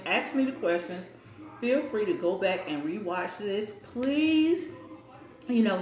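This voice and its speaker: Woman host, casual cooking livestream from her kitchen, talks with her mouth full, echoey room. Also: medium pitch. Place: home kitchen.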